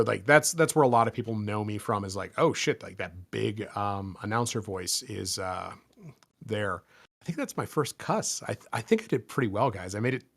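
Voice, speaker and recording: A young man with a fairly low voice answers fan questions in a loose, casual chat. He rambles and fills gaps with ums, and now and then he jokes at his own expense. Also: fairly bright tone. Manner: rambling, self-deprecating, many fillers.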